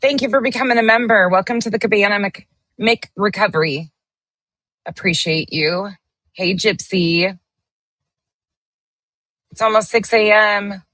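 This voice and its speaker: A woman's voice: medium pitch, a little slow, long pauses, fairly bright tone, dry recording. A woman hosting a casual livestream, greeting viewers by name as she reads the chat and speaking bluntly, with the occasional swear. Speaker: livestream host.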